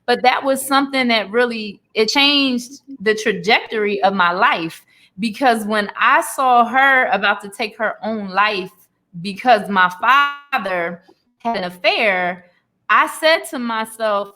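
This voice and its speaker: A woman's voice: a little high, a little slow, sharp tone. A woman in her forties, an interview guest and author, giving an earnest, emotional personal testimony laced with faith.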